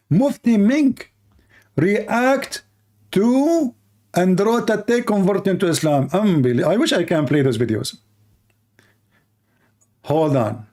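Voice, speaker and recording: Sarcastic male livestream host, slightly high. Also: animated, slow, pauses often, a little mellow. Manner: sarcastic, rambling storyteller with many fillers. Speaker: livestream host reacting to videos. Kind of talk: casual mocking commentary.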